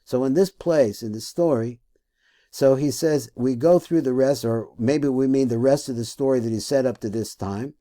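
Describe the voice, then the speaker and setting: A man's voice: mid-range voice, moderate pace, dark tone. A man teaching a text study lesson, reading phrases and then translating and puzzling over them aloud, with frequent restarts and self-corrections.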